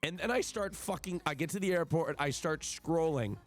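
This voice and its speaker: A man streaming live, telling a travel story to his chat in an animated, profane and exasperated rant. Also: fairly high pitch, moderate pace, faint music behind.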